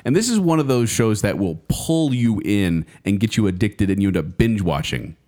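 A man's voice: lowish voice, big pitch swings, moderate pace, warm tone. A man co-hosting a casual chat, talking at length and explaining, with plenty of "like". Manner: chatty, full of "like" and restarts, explaining shows. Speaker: podcast co-host.

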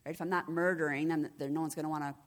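A woman's voice: deep voice, steady tone, racing. A middle-aged woman preaching a sermon, earnest and conversational, often restarting and asking "right?" as she goes. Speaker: executive director and preacher. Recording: long reverb of a hall.

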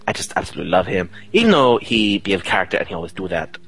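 Bright-voiced jokey podcast co-host. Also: male voice, sits low, sing-song, racing, creaky, a little hiss or hum, rough recording. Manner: jokey, playful outbursts. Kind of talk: casual chat. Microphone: desk microphone.

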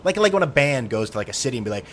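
A man in the middle of a casual podcast monologue, sardonic and freely profane. His pitch rides up and down with lively swings, and his voice sits in an ordinary middle register. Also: very fast, a little hiss or hum. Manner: sardonic, profane, tangent-prone. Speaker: podcast host.

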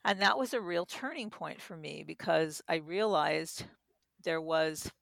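Creaky-voiced woman explaining gently. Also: low-pitched, measured pace, dry recording, studio quality. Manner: gentle, explains with personal examples. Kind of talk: reflective interview talk.

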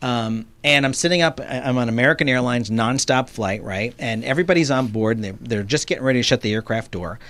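Animated male comedian telling stories. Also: mid-range voice, quick pace, few pauses. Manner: animated storyteller, acts out quoted voices. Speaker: comedian guest. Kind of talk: casual chat.

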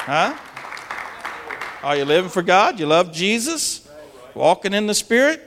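A man preaching a sermon to church planters, animated and dramatic, acting out anxious prayers in sudden bursts. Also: high voice, normal speed, a little hiss or hum. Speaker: pastor. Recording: long reverb of a large hall.

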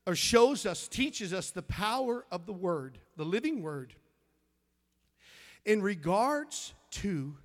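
A man preaching a sermon in a church, emphatic, reading scripture aloud with halting restarts. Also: sits high, long reverb tail.

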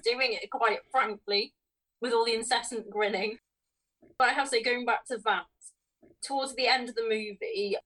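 A woman's voice: a little high, pushed and bright. A woman co-hosting a film podcast, dismissing a bad movie with wry, laughing criticism. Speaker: podcast co-host. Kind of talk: casual film review chat. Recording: voice distant from the mic.

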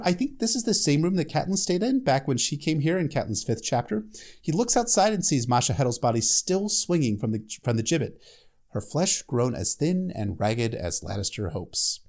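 A man's voice: a little high, a little mellow. A man casually recapping a fantasy novel chapter, with sarcastic, profane asides and frequent restarts. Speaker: book recap host.

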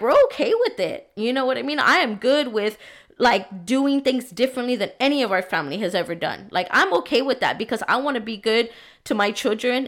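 A young woman hosting a faith-based motherhood podcast, talking earnestly with lots of "right?" and "like", her voice worn from being sick. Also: mid-range voice. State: sick, voice affected. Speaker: podcast host.

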